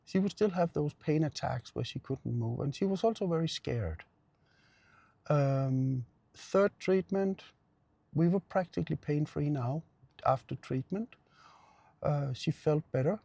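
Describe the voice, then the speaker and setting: Middle-aged therapist, earnest storyteller, gravelly raised voice, dry sound. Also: male voice, fairly high pitch, unhurried, mellow, dry recording. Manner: earnest, repeats phrases for emphasis. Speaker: pain therapist. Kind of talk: personal storytelling.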